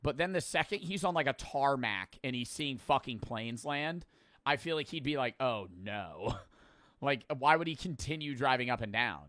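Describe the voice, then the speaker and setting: A man's voice: medium pitch, normal speed, a bit bright, dry recording, studio quality. A man in a casual reaction chat, blunt, swearing freely and riffing with mock voices. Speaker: co-host reacting to videos.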